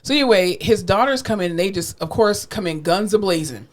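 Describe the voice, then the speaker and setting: A woman co-hosting a podcast, telling patient stories in casual chat, acting out the voices in her quotes and laughing often, candid and profane. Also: brisk. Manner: animated, acts out quotes with big pitch jumps, laughs often. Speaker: podcast co-host, rehab therapist.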